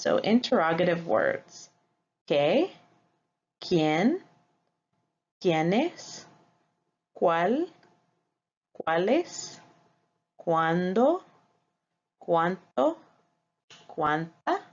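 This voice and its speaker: A woman's voice: mid-range voice, creaky, darkish tone. A woman teaching a recorded Spanish lesson, explaining step by step and modeling example sentences aloud. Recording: dull lo-fi recording.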